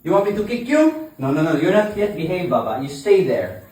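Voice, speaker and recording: A mother, patiently coaxing and firmly calming her child at home in a casual vlog. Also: fairly low pitch, brisk. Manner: patient, coaxing, firm but gentle. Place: living room at home. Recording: echoey room, far from mic, background noise.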